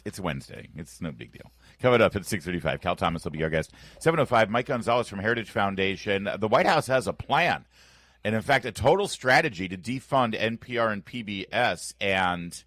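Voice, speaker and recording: A man's voice: sits low, a bit bright, dry recording. A man hosting a morning talk radio show, emphatic and playfully sarcastic as he runs through the lineup and banters with his co-host. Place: radio studio. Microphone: studio microphone.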